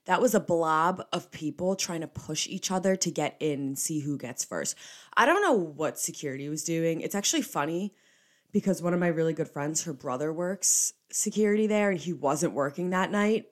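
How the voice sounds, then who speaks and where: A young woman hosts a casual solo podcast in a slightly low voice. She talks in a chatty, emphatic way and slides easily into playful rants. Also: animated, normal speed. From New Jersey. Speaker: podcast host.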